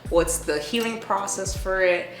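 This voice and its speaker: A woman tattoo artist chatting as a guest, telling stories in a blunt, animated way with plenty of swearing. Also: medium pitch, a little slow. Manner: animated, blunt and profane, laughs often. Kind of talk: casual storytelling chat. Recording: roomy echo with faint music.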